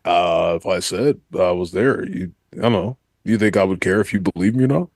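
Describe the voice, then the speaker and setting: A man doing an impression of a rambling, boastful older male pro-wrestling star on a podcast, in a gravelly drawl. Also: sits low, brisk, darkish tone, dry recording. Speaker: podcast co-host.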